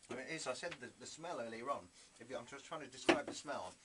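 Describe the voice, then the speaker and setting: A man hosting a radio programme from the studio, talking quickly and eagerly, stumbling over fillers as he goes. His voice sits at an ordinary middle pitch. A clear hiss of noise runs under the recording. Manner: chatty and enthusiastic, full of uh fillers. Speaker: radio show host. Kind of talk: casual studio chat. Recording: noisy broadcast recording.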